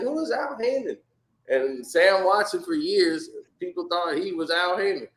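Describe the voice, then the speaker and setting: A man's voice: sits high, sing-song, brisk, gravelly. A man in casual podcast chat, telling stories animatedly, acting out quotes and laughing often. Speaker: podcast guest.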